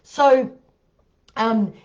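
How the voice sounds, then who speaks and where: A woman's voice: on the high side, drawn-out words, darkish tone. A woman telling her dating stories in a blunt, heavily profane way, with laughing asides. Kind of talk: casual storytelling monologue. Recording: dull lo-fi audio.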